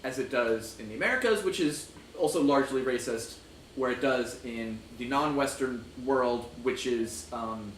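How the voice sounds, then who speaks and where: A young man hosting a casual stream chat, explaining at length in a halting way, with many fillers and restarts. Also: medium pitch, reverberant, recorded from a distance, a little hiss or hum, rough recording. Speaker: host.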